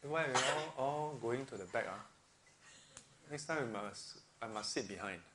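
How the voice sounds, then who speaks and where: A man's voice: mid-range voice, animated, moderate pace, very noisy. A man with a partly blocked nose, chatting casually and laughing often as he leads a weekly group in a room. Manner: chatty, laughs often, uses local English phrasing. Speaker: teacher leading a weekly group. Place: room with an audience.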